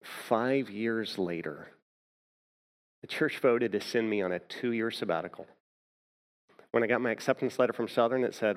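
A man's voice: fairly low pitch, normal speed, pauses often. A man pastor preaching a sermon, telling a personal story and often repeating words as he starts a thought.

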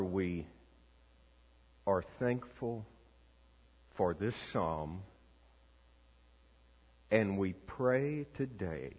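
A man, a pastor, reading scripture aloud and leading prayer in a slow, measured, solemn way. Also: lowish voice. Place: church sanctuary. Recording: long reverb, dull lo-fi sound.

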